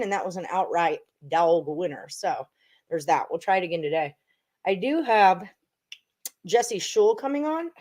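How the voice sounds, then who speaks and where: A woman's voice: fairly low pitch, darkish tone. A young woman hosting a casual sports betting live stream, chatty and joking as she talks picks and reads comments. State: out of breath. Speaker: sports betting show host.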